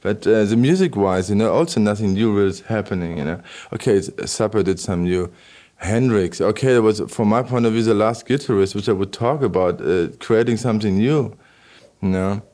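Interviewed about his work as an electronic musician, a man answers in halting non-native English, constantly saying "you know" and restarting often. His voice is lowish and mellow.

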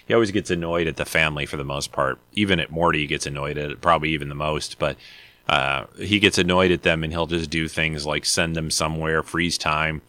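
A man with an extremely deep yet bright, forward voice talks casually, rambling and hesitant as he sets up clips. The sound is dry and close. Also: steady tone, fairly quick, dry recording. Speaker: video host. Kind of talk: casual commentary.

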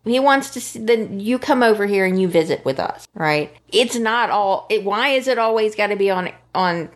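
A woman's voice: mid-range voice, animated, normal speed. Woman cohost ranting casually, acts out quotes, gets fired up. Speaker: podcast co-host. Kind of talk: casual chat recapping a soap opera.

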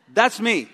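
A middle-aged male pastor preaching a sermon with a live stage demonstration, animated and acting out his own inner voice with groans. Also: sits high, breathy edge. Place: church sanctuary. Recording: long reverb of a large hall.

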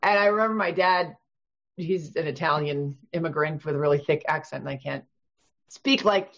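A woman in her fifties, an author guest chatting casually in an interview, talkative and quick to laugh, with many restarts. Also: low voice, lo-fi sound. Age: 50s.

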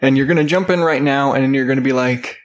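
A man's voice: medium pitch, fast talker. A man in his thirties co-hosting a family podcast, laid-back and joking, with casual swearing. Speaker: podcast co-host. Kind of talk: casual chat.

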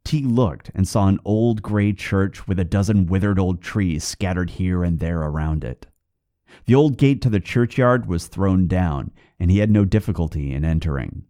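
A man hosting a podcast, reading a folk tale aloud with expressive storytelling. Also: low voice, normal speed, dry recording, studio quality.

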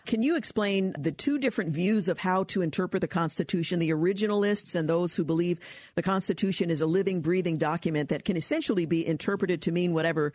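A woman hosting a radio talk show, introducing a topic and a guest in a clear, composed presenter delivery. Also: on the low side, quick pace, darkish tone, no echo. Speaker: radio host.

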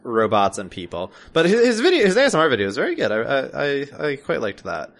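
A man co-hosts a podcast in casual, fast talk, hesitating often, restarting sentences and leaning on fillers. His humor is dry and deadpan, while his pitch rises and falls a lot.

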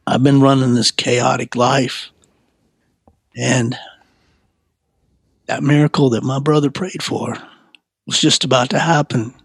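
A man giving a personal testimony in rambling, halting storytelling. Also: mid-range voice, steady tone, creaky, slightly rough, dry recording. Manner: halting, with many fillers and restarts.

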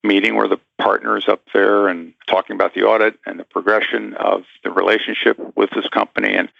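A man's voice: on the low side, little pitch movement, fairly quick, vocal fry, no echo, dull audio. A man guest in an interview, telling a story with animation and acting out the voices of the people in it.

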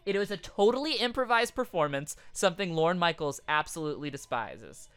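A man co-hosting a comedy podcast, telling a story with animated, profane outbursts. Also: on the high side, fairly quick, clear, resonant tone, no room sound. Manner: animated, swears freely, bursts into loud outbursts. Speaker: podcast co-host.

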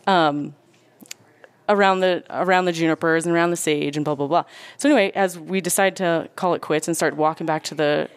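Fast-talking low-voiced woman telling a hunting tale. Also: clear, resonant tone, no echo. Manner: animated, quick, acts out quotes. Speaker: guest storyteller; hunter and nurse. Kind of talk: casual storytelling.

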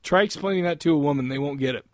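A man's voice: a little high, very fast, no echo, clean studio sound. A man co-hosting a podcast in casual chat, rambling with crude jokes and frequent laughter. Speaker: podcast co-host.

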